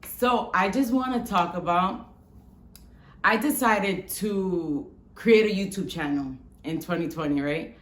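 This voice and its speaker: A woman in her thirties from the Bronx with a Bronx accent and a rough voice, chatting frankly to camera and swearing freely as she tells a story. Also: fairly low pitch, slow, echoey room. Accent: Bronx New York. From the Bronx, New York. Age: 30s. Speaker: vlogger.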